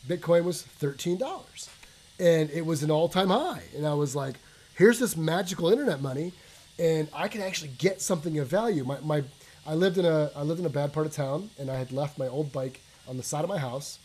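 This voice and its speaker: A man's voice: on the high side, poor audio. A man with a slightly raised voice tells a rambling story with gusto, tripping over restarts and dropping the odd curse. A faint mechanical hum sits under the casual chat from his basement. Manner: animated storyteller, swears casually, frequent restarts. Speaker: co-host. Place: home basement. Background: faint hum of a water softener.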